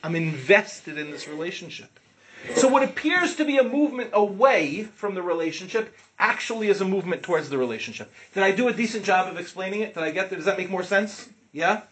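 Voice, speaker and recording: A middle-aged man teaching an informal Torah class to students, animated, asking questions and acting out what his students say. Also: sits high, a little fast. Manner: animated, asks the listeners questions, acts out students' words.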